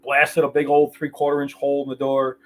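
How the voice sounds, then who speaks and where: A man's voice: mid-range voice, completely flat delivery, a little fast. A middle-aged man, a podcast guest, telling casual stories in a blunt, joking, profane way over a video call. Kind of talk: casual storytelling.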